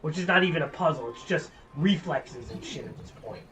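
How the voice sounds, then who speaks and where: Ranting high-voiced male streamer. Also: expressive, fairly quick, a bit bright. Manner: frustrated, profane ranting. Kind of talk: casual gameplay commentary.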